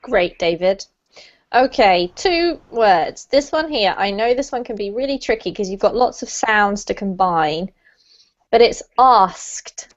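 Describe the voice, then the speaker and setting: A woman teaching an online English lesson, encouraging her students, laughing often and modelling words slowly. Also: medium pitch, expressive. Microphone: video call. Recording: slightly muffled video call audio.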